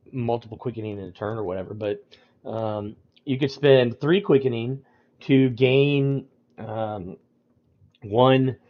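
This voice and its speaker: A man's voice: medium pitch, lo-fi sound. A man on a livestream explaining tabletop game rules in a casual, rambling way, with lots of ums and restarts. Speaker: storyteller explaining game mechanics.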